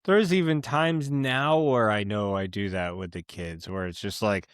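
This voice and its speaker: A man's voice: fairly low pitch, a little slow, clean tone, no echo, clean studio sound. A man co-hosting a podcast in casual chat, laid-back, laughing often and swearing casually. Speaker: podcast co-host.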